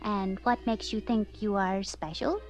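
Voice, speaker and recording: A woman voicing a gentle, earnest female animal in a storybook. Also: medium pitch, fairly even intonation, measured pace, soft background music, lightly acted.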